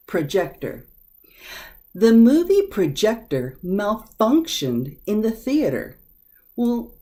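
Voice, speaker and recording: Woman teacher, vocabulary lesson, over-enunciates words, lively pitch, warm mellow tone.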